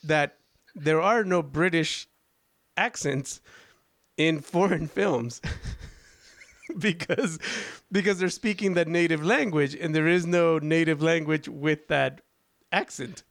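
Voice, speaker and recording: Chatty man, slightly high voice. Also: measured pace, vocal fry, fairly bright tone, no echo, clean studio sound. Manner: rambling, restarts, laughs often. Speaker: podcast host. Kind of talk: casual chat.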